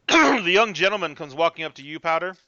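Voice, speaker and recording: A man's voice: on the high side, very animated, moderate pace, sharp tone, no echo, muffled recording. A man narrating as game master in a tabletop game, rambling and hesitant.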